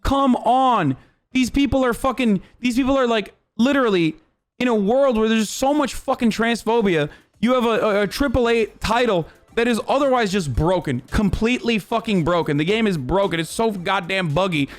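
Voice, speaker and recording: A young man streaming, ranting heatedly and profanely at his chat, with bursts of shouting. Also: high voice, normal speed. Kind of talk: heated livestream rant.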